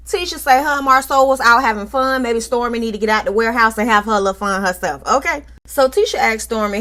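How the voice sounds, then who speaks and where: A woman's voice: medium pitch, quick pace, fairly bright tone. A woman hosting a casual reality TV recap, sassy and outspoken, with frequent asides. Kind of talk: casual episode recap commentary.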